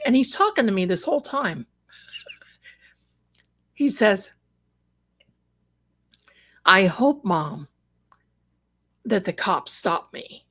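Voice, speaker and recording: Speaking slowly with long pauses, a middle-aged woman recounts a personal story as a psychic guest on a live stream. Her medium-pitched voice is animated, and she acts out the people in the story with emotion.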